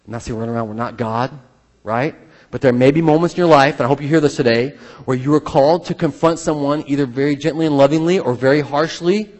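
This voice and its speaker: Male pastor, husky timbre, conversational preacher with restarts and dynamic swings, recorded in a reverberant church hall. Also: mid-range voice, a little mellow. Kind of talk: sermon.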